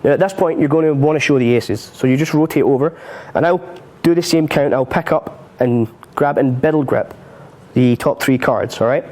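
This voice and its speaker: Give me a man hosting a live magic lesson, chatty and self-deprecating, laughing between explanations, at an average pitch. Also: normal speed, darkish tone. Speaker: magic instructor. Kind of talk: live-streamed magic tutorial.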